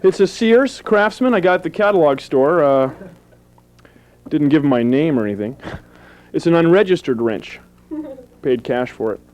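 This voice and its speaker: A man in his thirties doing goofy stand-up comedy on a public access TV show, deadpan jokes with sudden silly voices. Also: fairly high pitch, normal speed, long pauses. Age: 30s. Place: small TV studio with live audience.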